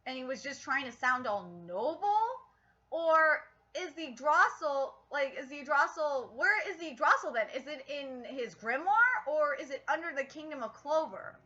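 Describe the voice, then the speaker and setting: A high, bright-voiced woman giving excitable live reaction commentary. She swears freely and thinks out loud with plenty of ums and restarts. The audio is dull and lo-fi, like a home stream mic. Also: unhurried.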